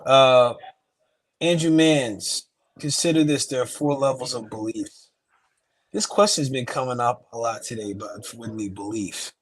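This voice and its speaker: A man with a husky, breathy voice chats casually. He talks in a loose, slangy way and wanders from thought to thought as he speaks. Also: medium pitch, measured pace, poor audio. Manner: laid-back and slangy, rambling. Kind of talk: casual chat.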